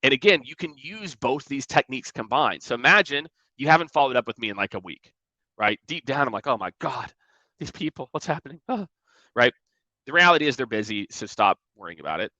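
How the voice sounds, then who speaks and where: A man giving energetic sales coaching in a conversational way, often acting out emails and calls in mocking voices. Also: medium pitch, a little fast, no room sound, lo-fi sound. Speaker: sales trainer.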